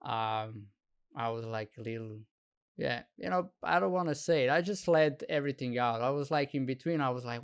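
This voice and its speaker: A man's voice: mid-range voice, a little fast, clear, resonant tone. A man hosting a podcast in casual chat, laughing often and leaning on "you know" as he talks. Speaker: podcast host.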